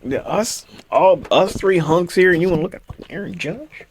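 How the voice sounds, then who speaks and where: A man's voice: sits high, normal speed. A man co-hosting a comedy podcast who reacts to the banter with laughter and mock outrage. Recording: noisy podcast recording.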